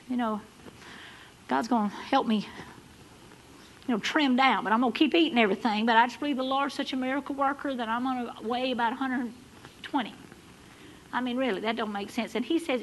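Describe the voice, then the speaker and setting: High-voiced woman preaching fervently. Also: poor audio. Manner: builds to fervent, loud exhortation with Southern turns of phrase. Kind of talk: sermon. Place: church sanctuary.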